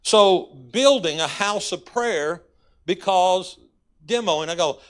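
Folksy Texan preacher, higher-pitched. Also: male voice, slow pace, fairly bright tone, clear, resonant tone. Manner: folksy, conversational preaching with sudden emphatic rises. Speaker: guest pastor. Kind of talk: sermon.

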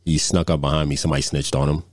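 A man's voice: a bass voice, flat delivery, racing, no echo, clean studio sound. A man co-hosting a podcast, telling profane, rambling anecdotes in casual chat full of repeated fillers. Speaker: podcast co-host.

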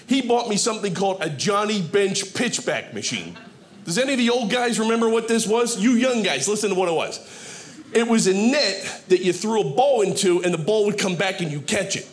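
A man in his fifties performing a stand-up comedy set on a theater stage, animated and acting out quoted voices. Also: sits high. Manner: animated, acts out quoted voices, shouts punchlines. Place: theater stage with live audience. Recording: stage mic with audible audience noise.

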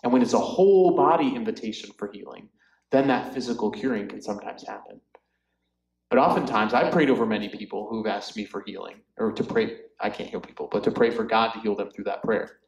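A man's voice: lowish voice, fairly quick, gravelly, a little mellow. Chatty man teaching in an echoey room. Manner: chatty, filler-heavy, often laughs. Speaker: Bible study teacher. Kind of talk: casual Bible study teaching.

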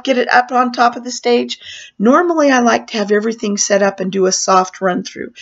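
An older woman telling a personal story with animated delivery, acting out her own panic in a raised voice. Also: mid-range voice, gravelly. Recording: dull lo-fi sound.

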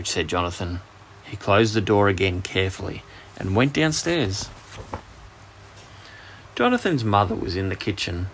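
A man with an Australian accent narrating a children's bedtime story with expressive storytelling. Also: low voice, normal speed.

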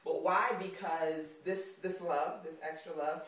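A woman with a New York accent talking casually to camera in a motivational vlog, chatty and expressive and often laughing. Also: sits low, measured pace, distant mic. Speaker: vlogger. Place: indoors on camera. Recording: very echoey room, off mic.

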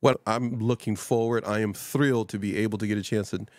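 A man's voice: on the low side, fairly even intonation, a little fast, no room sound, studio quality. A man hosting a music show, talking with a guest in a laid-back, casual way. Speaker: host. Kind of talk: casual interview chat.

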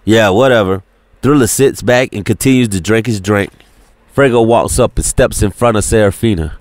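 A man narrating an audiobook in a steady, plain reading. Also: lowish voice, normal speed, dry recording. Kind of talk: scripted narration.

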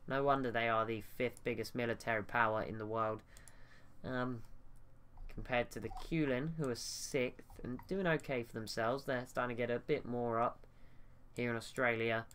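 A man's voice: medium pitch, fairly even intonation, moderate pace, a bit bright, slight background noise. A man giving casual, thinking-aloud commentary over a strategy game, often restarting his sentences. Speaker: gaming YouTuber.

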